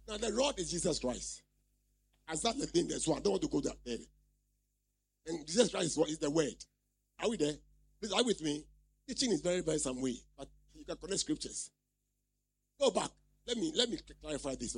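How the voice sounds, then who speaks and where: A man's voice: sits high, creaky, slightly rough. A man preaching a sermon, reading scripture aloud and repeatedly asking the congregation questions. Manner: reads scripture aloud and explains it.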